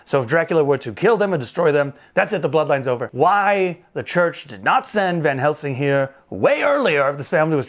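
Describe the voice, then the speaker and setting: A man with a fairly high, very lively voice, recapping a film in a casual, joking way. He swings up and down in pitch as he tells the story and cracks jokes. He talks like a movie-review host chatting with his viewers. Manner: animated, joking, acts out movie lines in funny voices.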